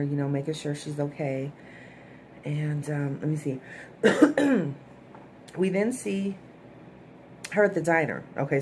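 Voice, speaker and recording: A woman's voice: low voice, darkish tone, a little hiss or hum. A woman giving a casual, chatty recap of a TV episode to her viewers, often checking in with "okay?" asides. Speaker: TV show reviewer.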